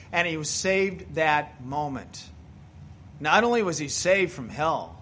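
Man, pastor, high voice, sermon, storytelling, emphatic bursts. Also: a bit bright, slight background noise.

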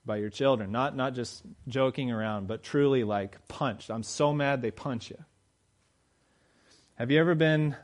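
A man preaching a sermon, talking conversationally and driving his points home with rhetorical questions. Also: medium pitch. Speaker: pastor.

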